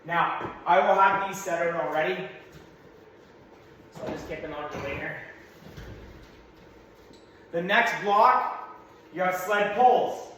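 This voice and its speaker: A slightly hoarse man coaching through a workout, giving practical cues in a large gym. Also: sits high, slow pace, long pauses, fairly bright tone, a little hiss or hum. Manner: practical, coaching cues, talks to his son in asides. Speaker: strength coach. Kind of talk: instructional workout walkthrough. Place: large echoey gym, indoors. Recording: echoey gym from a distance.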